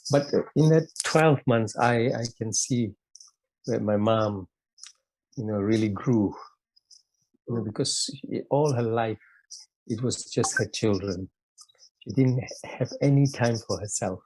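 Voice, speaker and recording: A man guest speaks in a low, husky voice. He reflects candidly and haltingly, often restarting his sentences. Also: a little mellow, poor audio. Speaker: interview guest.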